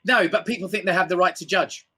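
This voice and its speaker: A male chat show host with a high, bright, sharp voice. He talks casually and warmly encourages his guests, then moves straight into introducing the next act. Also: fast talker, breathy edge. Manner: upbeat, encouraging, introduces acts.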